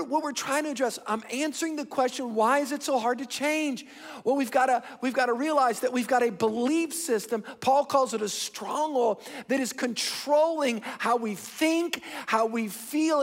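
A high-pitched, gravelly middle-aged man delivers an emphatic sermon in a large church. He repeats phrases and slows down to press each point. The long reverb of the hall rings behind his voice. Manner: emphatic, repeats himself, shifting pace for stress. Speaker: pastor.

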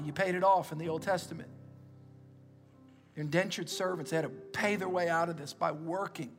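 A middle-aged male pastor giving an energetic, emphatic sermon and calling on the congregation to repeat after him. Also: high-pitched. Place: church auditorium. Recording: long reverb in a large hall, with music.

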